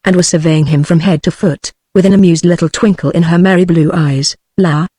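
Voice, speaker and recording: A woman's voice: fairly low pitch, fairly quick, breathy edge, no room sound. Synthetic British woman reading a novel aloud. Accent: British English. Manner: even, unacted reading of all characters. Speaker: narrator.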